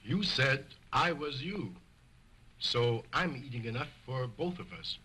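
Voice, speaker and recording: A man's voice: mid-range voice, lively intonation, a little slow, pushed and bright, husky, full character voice, rough recording. An actor playing a stern, domineering stage ventriloquist who scolds his dummy, in early talkie style. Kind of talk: 1920s early talkie acting. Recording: old film soundtrack.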